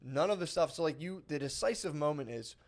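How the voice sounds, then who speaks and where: A man co-hosting a casual podcast, telling a story quickly and acting out the quotes. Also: a little high. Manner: fast, animated storytelling with mimicked quotes. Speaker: podcast co-host.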